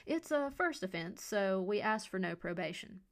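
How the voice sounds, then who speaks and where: A man's voice: sits high, sing-song, normal speed, a bit bright, full character voice. A woman voicing a smug male police officer who reads out fines in a glib, mockingly polite way.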